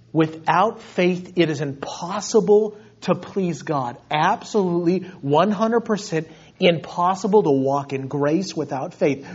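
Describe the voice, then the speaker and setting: A man's voice: fairly high pitch, a little mellow, breathy edge, muffled recording. A man preaching a sermon, acting out mock voices of complaining believers between points. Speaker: pastor.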